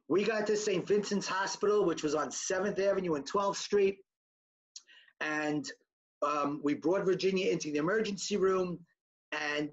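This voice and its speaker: Husky-voiced man telling a story. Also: sits high, muffled recording. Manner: vivid storyteller acting out quoted dialogue. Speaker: speaker giving a testimony talk. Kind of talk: storytelling talk to an audience.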